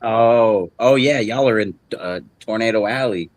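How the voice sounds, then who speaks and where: A man's voice: lowish voice, measured pace, dry recording. A young man talking loosely and at length as a guest on a podcast, full of slang, restarts and laughter. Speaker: guest musician. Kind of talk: casual podcast chat.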